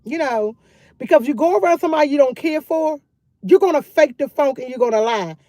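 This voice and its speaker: A talkative woman, speaking in a somewhat high voice. She chats candidly and loosely on a phone live stream from outdoors, circling back to the same points. The sound is dry and close, with little room around it. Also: animated, brisk, warm tone, no echo. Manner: candid, talkative, repeats herself. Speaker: vlogger live-streaming to chat. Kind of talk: casual live-stream chat.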